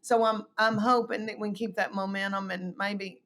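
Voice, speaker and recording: A woman's voice: medium pitch, fairly even intonation, moderate pace, fairly bright tone, a little hiss or hum. A woman in her fifties, a guest comedian in casual conversation, rambling and often trailing off mid-thought. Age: 50s. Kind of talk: casual chat.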